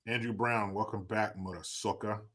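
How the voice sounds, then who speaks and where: A man's voice: lowish voice, steady tone, moderate pace, a bit bright. A man hosting a casual livestream, reading chat aloud and joking crudely with plenty of swearing. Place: indoors, cold room.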